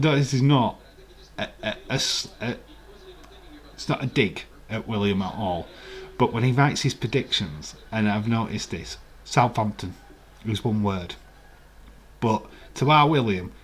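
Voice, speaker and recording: English man, live stream host, fairly low voice, casual rambling chat, chuckles at comments. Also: measured pace. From England.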